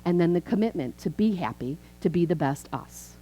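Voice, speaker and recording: A woman in her fifties, a minister, preaching a chatty, animated sermon in a church. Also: fairly low pitch, normal speed, a little hiss or hum, rough recording. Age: 50s. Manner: animated, chatty, acts out quoted voices. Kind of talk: conversational sermon.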